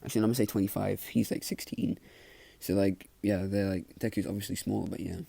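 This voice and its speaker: Young man, low voice, gravelly, husky, casual improvised storytelling, rambling with fillers. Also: steady tone, a little fast, mellow, no room sound. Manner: rambling, many "like" fillers and restarts. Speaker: fan storyteller.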